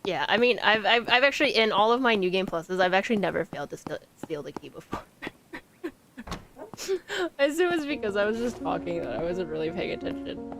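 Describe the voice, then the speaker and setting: A woman's voice: mid-range voice, animated, a little fast, background noise. A woman streaming a horror game, chatting casually and laughing often as she plays. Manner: chatty, giggly, rambling with many fillers. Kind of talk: casual gameplay commentary. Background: game music.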